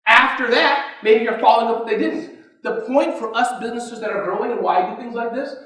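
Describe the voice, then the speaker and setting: A man giving an energetic business talk at a conference, constantly asking the audience questions. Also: extremely high pitch, fairly quick. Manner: energetic, keeps quizzing the audience. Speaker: conference speaker. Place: conference hall. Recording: echoey hall, distant mic.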